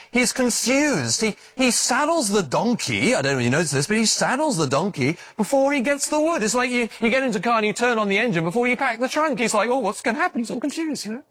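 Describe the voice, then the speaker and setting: A man preaching a sermon, telling stories with animated acted-out voices and frequent stammered restarts. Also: sits high, breathy edge. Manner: animated storytelling, acting out voices in his anecdotes; repeats words when restarting.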